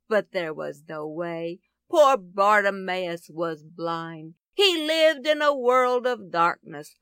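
A woman telling a Bible story expressively, with dramatic swings of pitch and loudness. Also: no room sound, clean studio sound.

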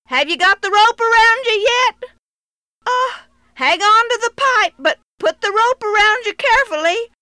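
A woman voicing an anxious rancher father who calls loudly and urgently down a well to his son. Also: very high voice, expressive, a little slow, dry recording, studio quality, pitched above the performer's own voice, heavily acted. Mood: coaxing. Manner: urgent, loud calling.

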